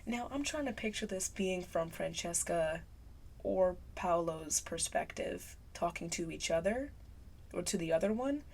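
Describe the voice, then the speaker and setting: A woman's voice: on the low side, lively intonation, unhurried, darkish tone. A young adult woman vlogging in a casual, emotional monologue, gushing and close to tears at times. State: teary.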